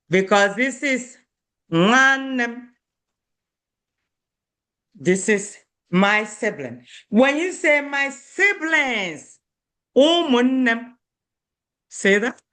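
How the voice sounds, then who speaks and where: A woman's voice: medium pitch, fairly bright tone. A woman teaching a beginner language lesson, repeating each word and checking in with "okay?".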